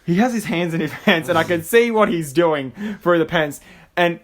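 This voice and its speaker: A man's voice: a little high, normal speed. A man co-hosting a casual podcast, telling a school story animatedly and acting out the dialogue between laughs. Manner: animated, acts out quoted dialogue, laughs a lot. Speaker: podcast co-host.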